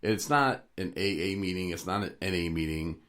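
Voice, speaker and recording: A man's voice: sits low, normal speed, fairly bright tone. A man co-hosting a podcast, chatting casually and rambling through stories with frequent chuckles. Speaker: podcast co-host. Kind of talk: casual chat.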